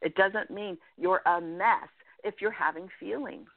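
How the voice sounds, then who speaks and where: A woman life coach giving earnest, animated advice as a guest in an interview, often checking in with "right?". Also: mid-range voice, unhurried, no room sound. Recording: dry, tinny phone-line sound.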